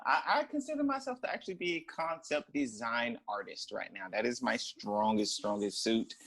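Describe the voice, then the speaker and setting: A man's voice: lowish voice, a bit bright, poor audio. A man being interviewed as a guest artist. He is playful and teasing and laughs easily. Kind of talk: casual interview.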